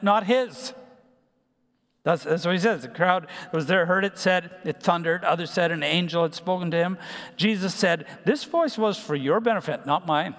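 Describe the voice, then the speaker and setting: A man preaching a numbered sermon, pausing with fillers and restarting phrases. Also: high-pitched, fairly bright tone. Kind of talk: sermon teaching. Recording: long hall reverb.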